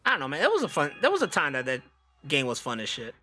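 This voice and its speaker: An American streamer with a fairly high, sharp and forceful voice rambles casually as he reacts to videos. He talks in a loose, profane way and laughs often. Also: wildly swooping pitch, fast. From United States.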